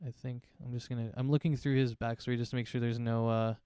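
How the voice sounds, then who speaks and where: A man acts as game master, narrating a tabletop game in a relaxed, rambling way with lots of fillers. His voice is mellow and smooth, and the sound is close and dry. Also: mid-range voice, fast, dry recording.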